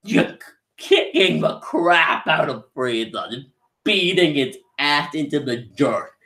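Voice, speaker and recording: A man's voice: on the high side, lively intonation, takes it slowly, pushed and bright. A man giving a casual movie review, rambling and often restarting his sentences as he laughs along. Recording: roomy echo.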